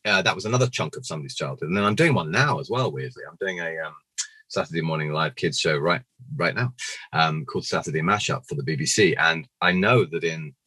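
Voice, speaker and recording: A man in his forties with a deep, slightly husky voice tells stories with lively energy, slipping into funny voices for the people he quotes. The sound is close and dry, with no room around it. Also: quick pace, dry recording. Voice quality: naturally low register. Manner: animated storyteller, acts out quoted voices. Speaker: puppeteer guest. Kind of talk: casual interview anecdotes.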